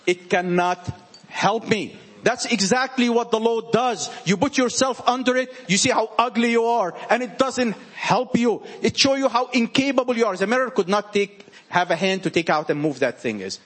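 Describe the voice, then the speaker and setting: A man with a French accent preaching informally to a small group, animated and emphatic, repeating his points. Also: high voice, normal speed.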